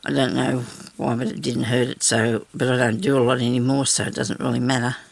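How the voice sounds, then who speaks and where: A woman's voice: extremely low pitch, level tone, a little fast, vocal fry, no room sound. An older woman hosting a craft video, chatting casually and rambling, talking to herself as she works at her craft table at home. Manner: rambling, talks to herself while working. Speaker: craft channel host.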